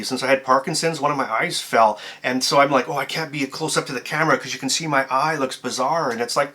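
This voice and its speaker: In a to-camera tips video, a man whose voice is fairly high, pushed and bright offers advice as a YouTuber and motivational speaker. His delivery is amped-up and emphatic yet conversational, with filler words and frequent restarts.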